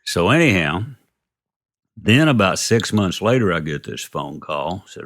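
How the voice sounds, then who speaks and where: A man's voice: deep voice, big pitch swings, unhurried, fairly bright tone. A man from Texas, a guest telling rambling anecdotes and acting out the dialogue. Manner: rambling, retells dialogue with "I go" and "he goes". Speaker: interview guest. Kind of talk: casual anecdotal storytelling.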